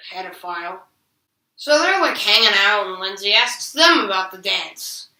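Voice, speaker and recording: A woman's voice: medium pitch, animated, normal speed, bright, forceful tone. A woman recapping a TV episode in casual, slangy chat with sarcastic asides. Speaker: TV episode reviewer. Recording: roomy echo, distant from the mic.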